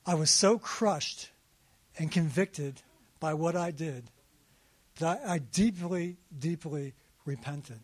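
A man in his sixties telling a personal story in a sermon, animated and laughing at himself. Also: fairly high pitch, slow pace, breathy edge. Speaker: speaker at a faith gathering.

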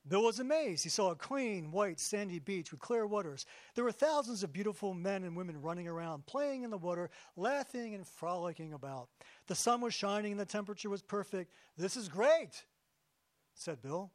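A man giving a sermon as pastor, conversational and jokey, slowing down for emphasis. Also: high-pitched, animated, no room sound.

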